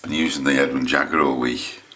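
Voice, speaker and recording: English man, very deep voice, bright forceful tone, hesitant casual shaving chat. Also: fairly even intonation, brisk. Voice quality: low voice. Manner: rambling, hesitant, lots of restarts. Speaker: shaving vlogger.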